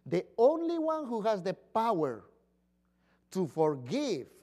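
Male pastor, lively sermon delivery, acts out pleas in voices, wide pitch swings. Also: slow pace.

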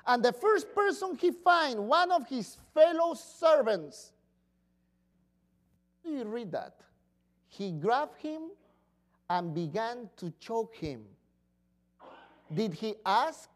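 Male pastor, lively sermon delivery, acts out pleas in voices, wide pitch swings. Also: drawn-out words, pauses often.

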